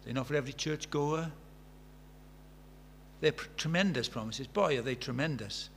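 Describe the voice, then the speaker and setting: A man's voice: medium pitch, normal speed, vocal fry, a bit bright. A man in his sixties preaches a sermon with a middle-range voice. He tells stories in an earnest way and builds to fervent emphasis. A faint hum runs under the recording. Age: 60s. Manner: earnest, rising to fervent emphasis, storytelling asides.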